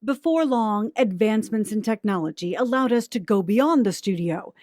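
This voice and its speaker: A woman news anchor giving measured, polished documentary narration. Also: mid-range voice, animated, background noise.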